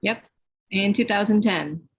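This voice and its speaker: A woman's voice: mid-range voice, a little slow, breathy edge, rough recording. A woman from the Philippines answering interview questions earnestly about her spiritual work. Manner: earnest, spiritual talk with fillers. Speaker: podcast guest.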